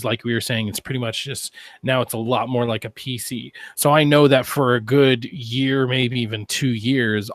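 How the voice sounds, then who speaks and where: A man's voice: medium pitch, a bit bright, no room sound, studio quality. A man co-hosting a casual gaming podcast, jokey and rambling, with playful asides. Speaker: podcast co-host.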